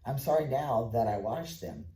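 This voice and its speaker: Male narrator as a motherly young girl: brisk, warm-dark voice, roomy sound. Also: medium pitch, sing-song, close to an everyday voice. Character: young girl, capable older sister. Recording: echoey room.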